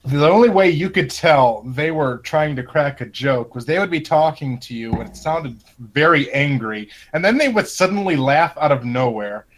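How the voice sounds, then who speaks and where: A man with a slightly raised voice telling anecdotes and chuckling through them. His pitch rises and falls a lot as he talks. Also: expressive, moderate pace, hardly any pauses. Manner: laughing anecdotes. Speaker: IT support worker. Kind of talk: casual chat.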